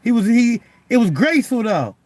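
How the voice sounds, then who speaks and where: High-voiced man casually preaching love. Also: very animated, normal speed, a little mellow, dry recording. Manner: stammers and repeats words while pressing a point; loose, conversational, keeps asking "you know what I'm saying". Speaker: Christian vlogger.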